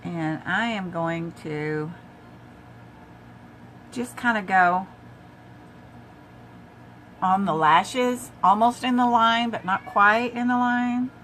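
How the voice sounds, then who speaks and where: A woman's voice: mid-range voice, slow, pauses often, a bit bright, slight background noise. An older woman chatting casually through a makeup tutorial, talking to her viewers as she works and now and then coughing from a tickle in her throat. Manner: chatty, talks to viewers while applying makeup. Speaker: makeup vlogger.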